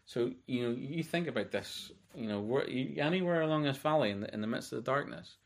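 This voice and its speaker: A man giving a relaxed, unscripted Bible teaching, reading verses aloud as he goes. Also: medium pitch, brisk, vocal fry. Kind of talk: conversational sermon.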